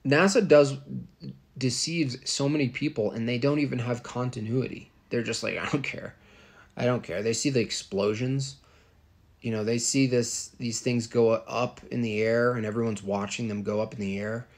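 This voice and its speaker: A man's voice: mid-range voice, steady tone, normal speed. Scornful rambling man. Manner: scornful, rambling, many fillers. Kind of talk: ranting casual monologue.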